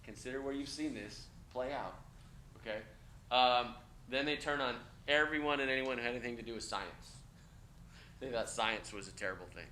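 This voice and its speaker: In an echoey classroom with some faint noise, a man teaches a college lecture at a normal speed in a mid-range voice. His delivery is casual and energetic, with frequent "okay?" check-ins.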